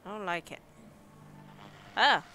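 A woman's voice: mid-range voice, takes it slowly, pushed and bright, faint music behind. A young woman with an English Midlands accent chatting casually and giggling as she streams a game. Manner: chatty, giggly, reacts aloud to scares. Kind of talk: casual live gameplay commentary.

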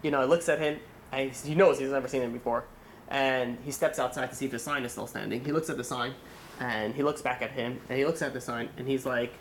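A man's voice: mid-range voice, fairly even intonation, quick pace, a little hiss or hum. A man, a rabbi, giving a holiday sermon in a casual storytelling way, acting out the characters' lines.

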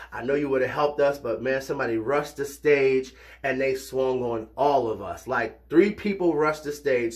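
A man talking casually to his viewers as cousins, playful and animated, his voice still a little hoarse from recent illness. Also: a little high. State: slightly hoarse, recovering from illness. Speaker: vlogger. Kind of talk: casual direct-to-camera chat.

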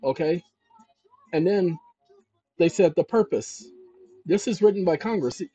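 A fairly high-voiced man with a husky, mellow tone talks viewers through documents on his screen. He speaks emphatically and keeps checking in with his audience. The recording sounds dull and lo-fi. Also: a little slow, faint music behind. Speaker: channel host giving legal advice. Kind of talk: instructional screen-share talk.

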